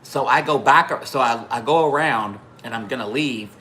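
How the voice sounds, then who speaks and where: Bright-voiced man swearing through live anecdotes. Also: medium pitch, moderate pace, slight background noise. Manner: talks to viewers by name between stories. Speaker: livestream host. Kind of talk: casual storytelling to a live chat.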